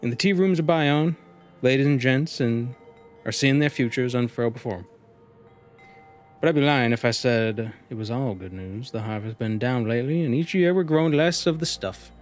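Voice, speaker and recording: A man's voice: mid-range voice, normal speed, soft background music, close to an everyday voice. Give me a guarded small-town shopkeeper who deals shrooms, as a man puts him on, drawling and folksy. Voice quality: drawling, folksy rural accent voice. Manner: wheeling and dealing, slightly menacing.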